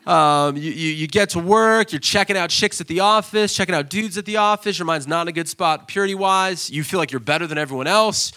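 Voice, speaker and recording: A man preaching a sermon as pastor, telling stories in an animated way with loud, excited bursts when he acts out scenes. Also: sits high, brisk, few pauses.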